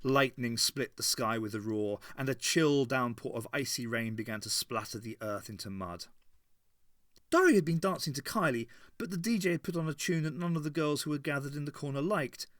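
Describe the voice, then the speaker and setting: A man reading a novel aloud as an unabridged audiobook, in a measured narrating voice. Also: mid-range voice, lively intonation, a bit bright, no echo, studio quality. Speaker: audiobook reader. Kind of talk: scripted narration.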